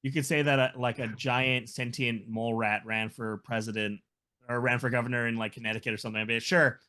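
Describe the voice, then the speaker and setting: A man in his thirties co-hosting a casual podcast with quick joking asides. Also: mid-range voice, steady tone, bright, forceful tone. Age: 30s. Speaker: podcast co-host.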